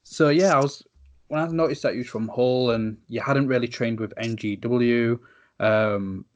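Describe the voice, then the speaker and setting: Chatty Yorkshire podcast host, a man. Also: mid-range voice. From Yorkshire, England. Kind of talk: casual podcast chat.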